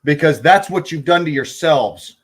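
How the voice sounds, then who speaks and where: Angry high-voiced man ranting. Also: expressive, normal speed, slight background noise. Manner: heated, swearing constantly. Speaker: vlogger. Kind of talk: angry profane rant.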